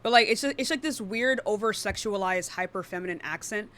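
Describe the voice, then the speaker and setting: A woman hosting a live online debate stream, blunt and profane, quick to cut people off. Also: mid-range voice, a bit bright, a little hiss or hum.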